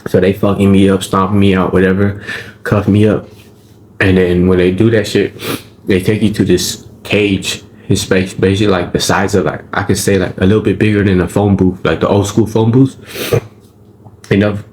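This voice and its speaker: His voice is low with a darkish tone as he tells of his prison days in casual, profane street talk. Frequent "right?" and "you feel me?" keep his listener engaged, against slight background noise.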